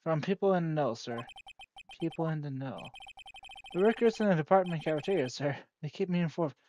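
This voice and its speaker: A man's voice: fairly high pitch, animated, brisk, a little mellow, slight background noise, close to an everyday voice. A man reading an eager young cop who keeps saying sir. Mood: earnest. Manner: ends sentences with a stiff "sir". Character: eager young male police officer, formal. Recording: dull lo-fi.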